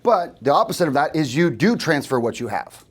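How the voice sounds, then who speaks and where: A man's voice: fairly high pitch, sing-song, fairly quick. A man giving a live sales training to a room of agents, talking casually and often checking in with questions to the group. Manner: conversational, asks the room questions.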